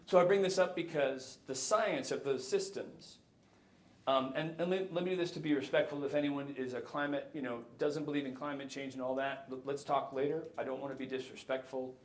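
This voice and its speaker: A man in his fifties giving a jokey, animated keynote talk to a live audience. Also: medium pitch, a little fast. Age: 50s. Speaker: keynote speaker. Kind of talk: conference talk. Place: lecture hall. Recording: echoey hall.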